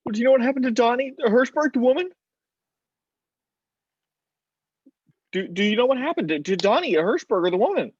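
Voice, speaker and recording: A man's voice: extremely high pitch, lively intonation, very fast, husky, dry recording, lo-fi sound, pitched above the performer's own voice, exaggerated voice. A man voicing a frightened young soldier who stammers through tears, in an amateur script reading. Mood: tearful, frightened. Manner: shaky, stammering, tearful.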